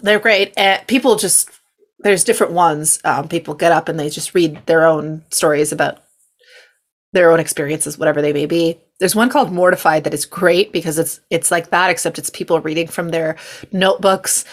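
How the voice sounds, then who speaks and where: This podcast host is a young Californian woman with a low voice and moderate pace. She chats casually, giggling her way through a rambling story with lots of fillers and asides.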